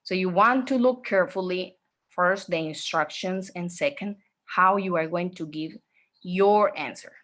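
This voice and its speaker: A woman teaching an online exam-prep class, speaking slowly, repeating herself and often checking in with "okay?". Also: lowish voice, fairly bright tone. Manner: slow, repetitive, checks in with "okay?".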